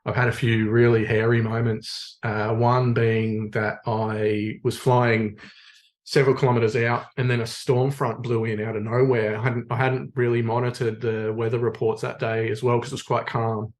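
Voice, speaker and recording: An Australian man, a podcast guest, telling a story in a relaxed, rambling way with plenty of fillers. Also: medium pitch, moderate pace. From Sydney, Australia. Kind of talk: casual storytelling in conversation.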